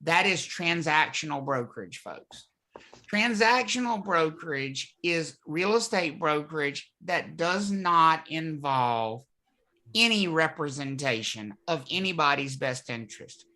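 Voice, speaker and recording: A man with a fairly high, bright and forceful voice teaches a live real estate class in a classroom or online. He uses lively intonation at a measured pace, talking conversationally and often asking students questions.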